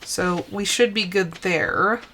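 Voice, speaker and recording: A woman's voice: medium pitch, slow, pushed and bright, a little hiss or hum. A woman streamer commenting live on her farming game, exasperated and talking herself through setbacks. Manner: exasperated, talks to herself, self-soothing.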